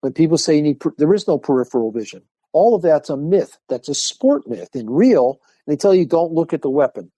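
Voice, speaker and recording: An older man speaks as an interview guest, explaining his training ideas in a casual, animated way. His voice is mellow and warm, and he slips into the voices of the people in his stories. The recording is dry and close to the mic. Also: fairly high pitch, a little fast, few pauses, no room sound. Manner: animated storyteller, acts out quoted voices. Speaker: martial arts instructor, podcast guest.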